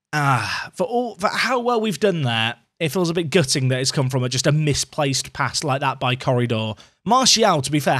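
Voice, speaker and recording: A young man doing lively play-by-play commentary over a football management game, jokey and easily excited. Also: on the high side, dry recording, studio quality. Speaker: gaming YouTuber.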